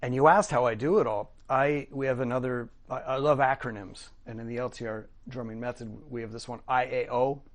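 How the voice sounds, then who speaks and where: Middle-aged male podcast guest with a medium-pitched voice, earnest and reflective, restarting his sentences as he talks. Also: steady tone, fairly quick, few pauses. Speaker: podcast guest, drumming coach. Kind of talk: casual interview conversation.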